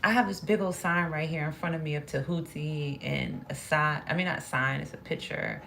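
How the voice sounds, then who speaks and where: A woman with a low voice talks through a tarot reading, thinking aloud and circling back over her words as the cards come up. A gravelly fry runs through her speech, and a faint hiss sits under the recording. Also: normal speed, a bit bright. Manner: musing, repeats phrases, talks to herself while drawing cards. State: emotional at moments. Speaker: tarot reader.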